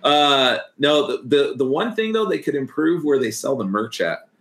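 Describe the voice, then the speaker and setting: This man co-hosts a podcast in casual conversation, rambling with plenty of fillers and laughing a lot. His medium-pitched voice is expressive and fairly bright at a moderate pace, and the room is echoey.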